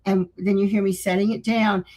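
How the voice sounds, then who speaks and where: A middle-aged woman co-hosting a paranormal talk show, telling a story in a casual, animated way and laughing often. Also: medium pitch, brisk, poor audio. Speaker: podcast co-host.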